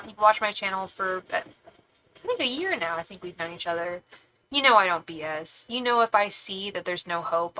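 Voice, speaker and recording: A woman's voice: medium pitch, sharp tone, poor audio. A young woman from California giving a tarot reading on a live stream, chatty and rambling with many restarts. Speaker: tarot reader.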